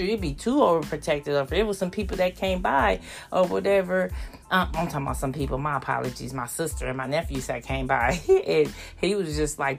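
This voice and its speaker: Chatty older woman, low voice. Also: fairly quick, creaky, faint music behind. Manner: chatty, rambling, acts out voices of family. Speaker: vlogger. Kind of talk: casual chat.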